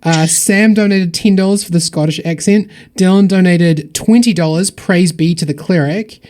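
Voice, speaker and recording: A man hosting a charity tabletop stream, reading out donor shout-outs in an upbeat, rambling, thankful way. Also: high voice, normal speed. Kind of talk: casual livestream donation shout-outs.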